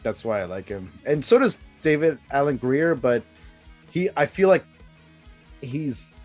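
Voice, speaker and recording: A man's voice: medium pitch, big pitch swings, measured pace, soft background music. A man in his thirties co-hosting a casual podcast, talking eagerly in rambling bursts with restarts and swearing. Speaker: podcast co-host. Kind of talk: casual chat about sitcoms.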